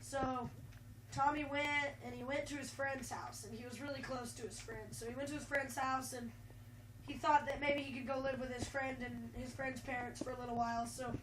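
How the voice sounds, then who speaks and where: A woman's voice: sits high, steady tone, fairly quick. A woman hosting a casual video, chatting and telling a long rambling story. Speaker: video host. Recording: roomy, distant, noisy mic.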